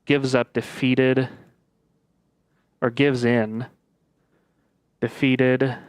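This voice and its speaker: A man talks through a puzzle game in a casual let's-play style, working things out aloud. He speaks slowly, with many pauses and fillers. His voice is very smooth and clear, recorded dry with no room sound. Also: medium pitch, flat delivery, no room sound. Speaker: gaming video creator.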